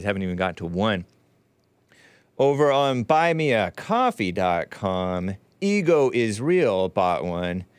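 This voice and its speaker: A man's voice: mid-range voice, smooth, dry recording. A man hosting a live talk show, reading viewer messages aloud with wry, chuckling, offhand asides.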